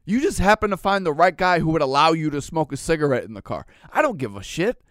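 A man's voice: fairly high pitch, sing-song, quick pace, a bit bright, dry recording, studio quality. A male podcast host telling a profane, ranting story in casual chat.

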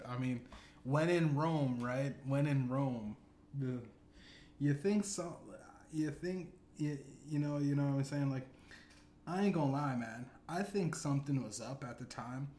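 A man's voice: medium pitch, a little slow, darkish tone, slight background noise. A man hosting a comedy podcast, telling an absurd story in a rambling, profane way, full of "you know what I'm saying.". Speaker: podcast host. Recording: echoey room with faint ambience.

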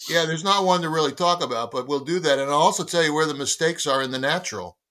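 A man being interviewed as a guest, telling anecdotes in a conversational, animated way and acting out the dialogue of the people in them. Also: on the high side, quick pace. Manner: animated storyteller who acts out quoted dialogue. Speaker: guest, baseball editor and former team publicist.

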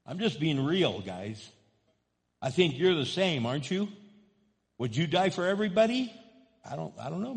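Impassioned slow-preaching man in a reverberant hall. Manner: impassioned preaching, rising to loud high cries. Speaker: pastor. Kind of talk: sermon.

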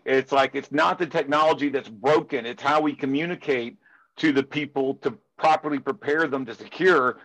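Rambling, ranting man with a slightly high voice. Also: fairly bright tone, rough recording. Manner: heavy filler use of "it's like". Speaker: security conference speaker. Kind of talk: casual interview chat.

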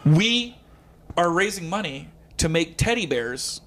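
A man casually telling an animated stand-up story, acting out quotes and using lots of fillers. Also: on the high side, moderate pace, slight background noise. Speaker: guest comedian.

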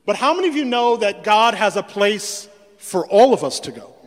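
A man's voice: high voice, sing-song, moderate pace. A male pastor preaching a sermon, stumbling over repeated words and acting out the voices of the scripture. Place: church sanctuary. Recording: long reverb in a church hall.

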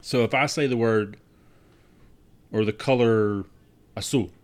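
A man co-hosting a podcast, wry and relaxed, thinking aloud in a casual chat. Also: lowish voice, a little slow. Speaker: podcast co-host.

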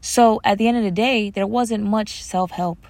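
Woman podcast host, African American English accent, casual and animated, mid-pitched voice, jumps into character voices for quotes. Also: moderate pace, no echo. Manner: animated, switches into playful voices quoting her mother. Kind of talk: casual solo podcast talk.

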